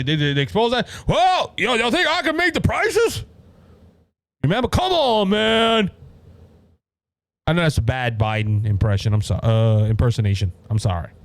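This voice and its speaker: A high-voiced man with a Louisiana accent hosts a political commentary podcast, talking emphatically and stumbling through restarts and repeated words. The recording is close and dry, with no room sound around him. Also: no echo. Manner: emphatic, halting, full of restarts and repetitions. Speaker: podcast host.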